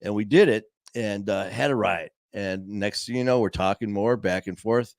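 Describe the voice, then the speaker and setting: A man's voice: fairly low pitch, moderate pace, no room sound, clean studio sound. A man hosting a podcast and telling a story casually, rambling with many "you know"s and acting out the quoted dialogue. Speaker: podcast host.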